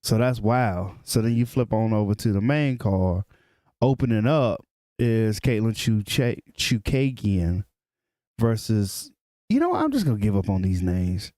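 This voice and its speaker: A man's voice: lowish voice, big pitch swings, a little slow, dark tone, no echo, clean studio sound. Joking man in casual podcast banter. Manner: joking, stumbles over names on purpose. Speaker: podcast co-host. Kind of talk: casual chat.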